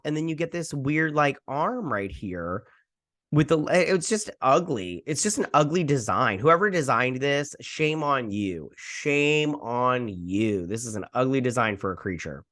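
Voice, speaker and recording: A man's voice: medium pitch, a bit bright. A man hosting a video, casually recapping and reviewing an episode in a loose, rambling way full of fillers. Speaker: video host.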